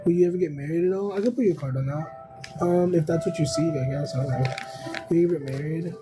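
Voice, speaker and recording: On a casual live stream, a tarot reader rambles along at an easy pace, dropping plenty of "um"s and "I don't know"s. The voice sits in the mid range, with music playing behind it and poor audio quality.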